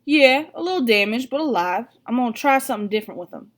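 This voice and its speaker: A woman's voice: fairly high pitch, expressive, fast talker, pitched above the performer's own voice, natural voice. Lady reading as a blunt protective dad, casual plainspoken talk, audiobook feel. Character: warm, protective grown father, blunt.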